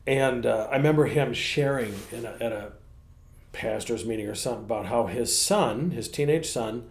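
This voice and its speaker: A man, a pastor co-hosting a casual ministry podcast, telling folksy stories with animated asides. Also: medium pitch, moderate pace, roomy sound. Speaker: pastor, co-host.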